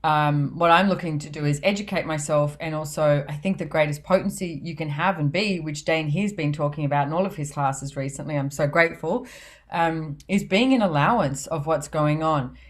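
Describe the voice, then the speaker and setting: A low-pitched woman talks in a loose, chatty way on a podcast. She laughs easily and slips into quoting other people as she tells stories. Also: normal speed. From Australia. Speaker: podcast host and author. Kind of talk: casual podcast chat.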